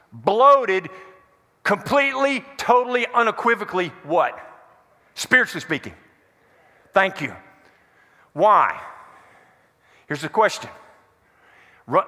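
In a church hall with echoey reverb, a pastor with a high-pitched, sharp-toned voice preaches a sermon and quizzes the congregation with call-and-response questions.

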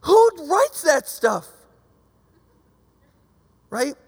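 A preacher giving a casual, conversational sermon, lively and acting out the voices of people in the stories. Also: high voice, drawn-out words, gravelly. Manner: animated, acts out quoted voices. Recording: long reverb of a large hall.

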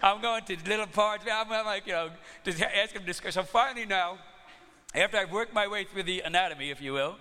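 A man preaching a sermon, telling stories in an animated way and laughing often. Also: sits high, in a large hall. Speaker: pastor.

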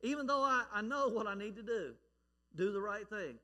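A preacher acting out a defiant, stubborn Cain. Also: male voice, high voice, expressive, normal speed. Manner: loud, insistent. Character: defiant stubborn man Cain talking back to God.

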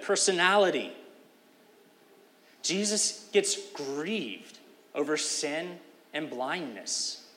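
A man's voice: a little high, a bit bright, long reverb tail. A man giving a sermon as pastor, talking in a conversational, emphatic way with casual fillers.

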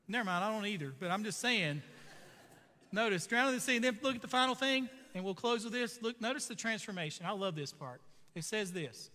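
Male pastor with a high voice, preaching conversationally in a big echoing hall. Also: pushed and bright. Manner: conversational, jokey, asks the audience questions. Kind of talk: sermon.

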